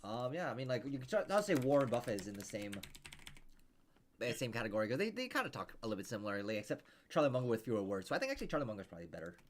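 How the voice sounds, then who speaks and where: A man's voice: mid-range voice, very animated, rapid-fire, slight background noise. A man coaching over a video call, rambling casually with many restarts and fillers. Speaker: interview coach.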